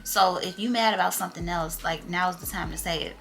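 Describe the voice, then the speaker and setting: A young adult woman vlogger telling a story in casual, slangy, animated chat with a wry edge. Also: fairly low pitch, a little fast, gravelly, soft background music.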